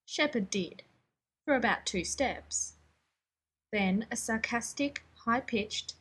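A woman narrating a fan fiction audiobook in a brisk, wry storytelling manner. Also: medium pitch, a bit bright, husky. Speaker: reader.

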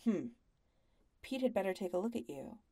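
A woman's voice: medium pitch, very animated, normal speed, warm tone, husky. A woman voicing a dry, cool-headed man speaking in a clipped, understated way.

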